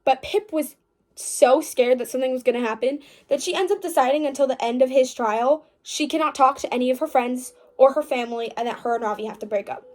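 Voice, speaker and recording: A woman's voice: high-pitched, a little fast, darkish tone. A young woman vlogging a casual book recap, chatty and gushing, full of "like" fillers and dramatic mock outrage.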